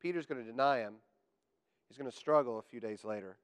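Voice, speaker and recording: A man preaching a sermon to a congregation, animated and joking, building up to emphatic declarations. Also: medium pitch, quick pace, clear, resonant tone. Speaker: pastor. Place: church sanctuary. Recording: church hall with long reverb.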